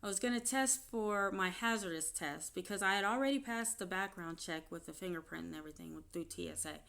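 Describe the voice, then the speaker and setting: A woman vlogger telling her own story off the cuff, candid and halting, turning animated as she retells events. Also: on the low side, gravelly. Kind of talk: unscripted personal storytelling.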